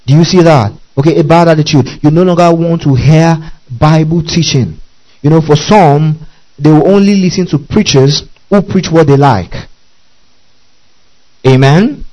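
Mellow-voiced man preaching a sermon. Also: fairly high pitch. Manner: keeps checking in with the congregation; reads scripture slowly and deliberately. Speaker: pastor. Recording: dull lo-fi recording.

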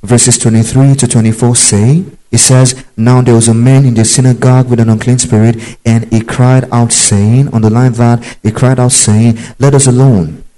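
A man's voice: mid-range voice, little pitch movement, normal speed, hardly any pauses, mellow, rough recording. A man preaching a Bible teaching, emphatic and repetitive, checking in with his listeners. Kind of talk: sermon-style Bible teaching.

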